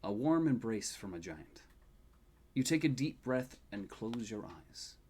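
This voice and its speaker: A man narrating a tabletop game as game master, measured and soft, dropping very quiet in the sad passages. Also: medium pitch, very animated, breathy edge.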